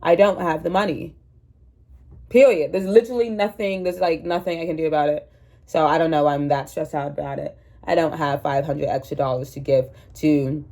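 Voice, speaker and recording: A woman's voice: low voice, warm tone. A woman in her twenties with a cold, rambling casually and self-mockingly to her viewers, recorded at home on the camera's own mic. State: sick with a cold. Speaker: vlogger. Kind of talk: casual chatty vlog. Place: at home indoors. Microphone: camera mic, no microphone.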